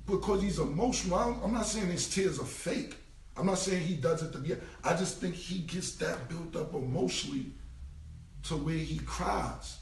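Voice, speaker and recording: Gravelly New man, forty, blunt. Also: a little high, normal speed, slight background noise. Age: 40s. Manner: blunt, repetitive, slangy. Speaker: interview guest. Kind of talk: casual interview talk. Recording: roomy, distant from the mic.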